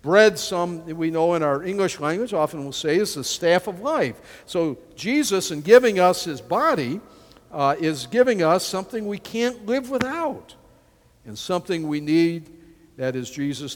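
Animated preacher man in a reverberant hall. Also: fairly high pitch, a little slow. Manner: animated, emphatic, with restarts. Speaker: pastor. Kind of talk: sermon.

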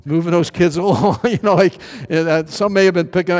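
A man preaching a verse-by-verse Bible sermon in a chatty way, with many fillers and restarts, acting out quoted voices with big jumps in pitch. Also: brisk, darkish tone. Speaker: pastor. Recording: long hall reverb.

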